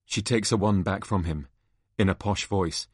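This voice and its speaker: Low-voiced man, matter-of-fact stage-direction reader. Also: moderate pace, husky, no room sound, clean studio sound. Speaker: narrator. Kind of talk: reading stage directions aloud.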